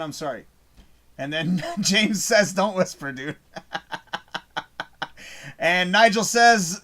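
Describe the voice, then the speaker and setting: A man's voice: on the high side, fairly bright tone. A man hosting a live show, reading out chat messages in a casual, rambling way, swearing often and losing his train of thought.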